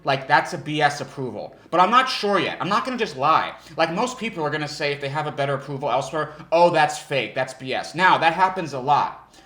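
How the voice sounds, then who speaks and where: A male sales trainer giving an energetic coaching talk who restarts his sentences and demonstrates different tones. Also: on the high side, quick pace, reverberant. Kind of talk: instructional talk.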